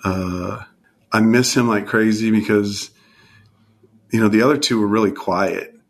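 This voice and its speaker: A man in his fifties from California, earnestly sharing a heartfelt personal testimony in conversation, his voice sometimes dropping to a hushed near-whisper. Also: lowish voice, steady tone, a little slow, gravelly. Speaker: guest.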